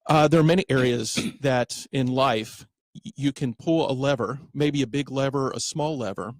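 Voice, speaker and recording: A man's voice: medium pitch, no room sound. Male radio host, conversational, stops and fixes his words, close dry mic. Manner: chatty, self-correcting, slows for emphasis. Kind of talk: casual radio talk. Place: radio studio.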